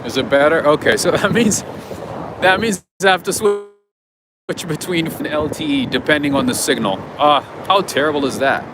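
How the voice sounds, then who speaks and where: A man's voice: a little high, normal speed. A man hosting a casual livestream outdoors on a city street, chatting with viewers and greeting them by name. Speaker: livestream host. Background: street traffic.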